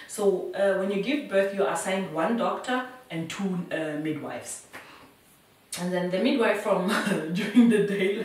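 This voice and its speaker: Lively woman in an echoey room. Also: mid-range voice, recorded from a distance, a little hiss or hum. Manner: animated, acts out what others said. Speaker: vlogger telling her birth story. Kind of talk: casual storytelling to camera. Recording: echoey room, voice away from mic.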